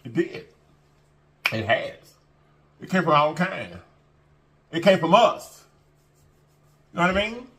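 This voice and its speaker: A man hosting an eating show, speaking to his viewers in a bright, fairly high voice that swings up and down as he talks. He comes across earnest and a little preachy, repeats his phrases for emphasis, and keeps calling his audience y'all. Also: big pitch swings, takes it slowly, pauses often. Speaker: mukbang eating-show host. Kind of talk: casual heartfelt talk to camera.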